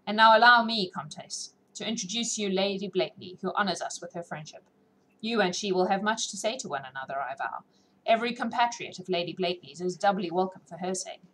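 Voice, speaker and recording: A woman's voice: mid-range voice, brisk, fairly bright tone, slight background noise, natural voice, rough recording. A woman reading the part of a courtly adult male prince in a classic novel audiobook, with a formal, drawling manner. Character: gracious, teasing adult male royal prince.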